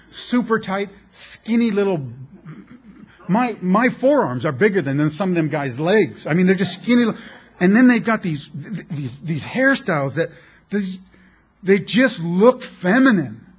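Middle-aged male pastor, husky, higher-pitched voice, lively preaching with humor. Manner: animated preaching with jokes and laughs. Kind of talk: sermon.

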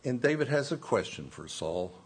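A man's voice: mid-range voice, sing-song, moderate pace, husky. A man preaching a sermon, reading scripture aloud and explaining the verses in plain asides.

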